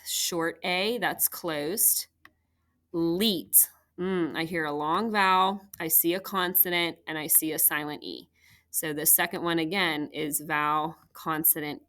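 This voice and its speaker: A woman's voice: fairly low pitch, bright, forceful tone. A woman teacher patiently walking young students through a phonics worksheet, step by step. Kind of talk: phonics lesson walkthrough.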